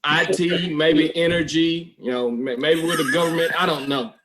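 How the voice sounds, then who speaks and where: A man's voice: a little high, fairly even intonation, crowd noise. A man joking and laughing along in a casual podcast chat. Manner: joking and laughing, slow delivery. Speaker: podcast co-host.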